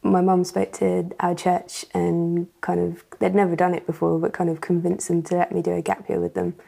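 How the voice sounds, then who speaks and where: A woman's voice: fairly low pitch, normal speed, gravelly, warm tone. A woman sharing her personal testimony as a church guest, talking hesitantly with many fillers.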